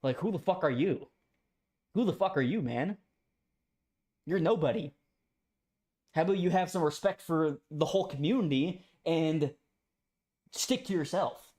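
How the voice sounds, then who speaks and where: A man's voice: on the high side, unhurried, pauses often, a little mellow. A young man in a heated, profane casual rant as a streamer. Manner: profane, ranting, emphatic.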